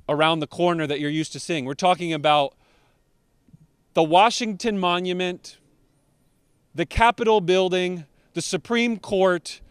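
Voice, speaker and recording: A man preaching a sermon as pastor, slowing down to stress key words. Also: high voice, smooth, no room sound.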